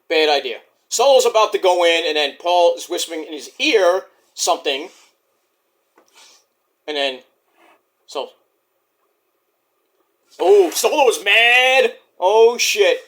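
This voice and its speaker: A young man with a fairly high, bright voice talks casually and profanely. His pitch swings widely as he rambles and riffs on what he is watching. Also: animated, takes it slowly, long pauses. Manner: loose and profane, does voices of wrestlers. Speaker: wrestling predictions vlogger. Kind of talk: casual chat.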